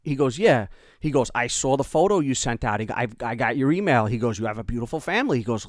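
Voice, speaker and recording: Middle-aged New York dad telling a story. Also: male voice, medium pitch, fast talker, dry recording, studio quality. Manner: animated storyteller, acts out quotes. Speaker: podcast host, father. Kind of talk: casual storytelling chat.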